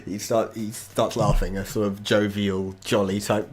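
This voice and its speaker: A man narrating a tabletop role-playing game as game master, talking casually with pauses. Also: on the low side, level tone, husky. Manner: casual, halting with fillers.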